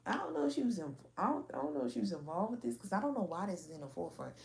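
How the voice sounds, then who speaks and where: A woman's voice: medium pitch, big pitch swings, rapid-fire, gravelly, darkish tone, slight background noise. A woman giving a casual spoken reading in a blunt, slangy, frank manner. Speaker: tarot reader.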